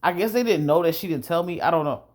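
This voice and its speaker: A man vlogger telling a rambling, profane story in a casual monologue, often clearing his throat. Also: fairly high pitch.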